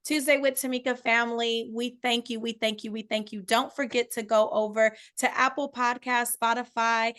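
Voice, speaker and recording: A woman's voice: a little high, fairly even intonation, normal speed, hardly any pauses, a bit bright. A woman hosting a faith-minded podcast, encouraging her guest and closing with affirmations. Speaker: podcast host. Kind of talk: podcast interview and sign-off.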